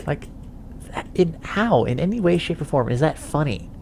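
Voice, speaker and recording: A man's voice: a little high, expressive, moderate pace, creaky, darkish tone, a little hiss or hum. A young man chatting casually while playing a game, rambling with chuckles and lots of fillers. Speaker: gaming channel host.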